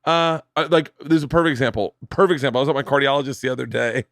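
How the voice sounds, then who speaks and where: Podcast host, male, animated storyteller who mimics people; dry close mic. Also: mid-range voice, rapid-fire, no echo. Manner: animated anecdotes, voices quoted people. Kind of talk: casual chat, storytelling.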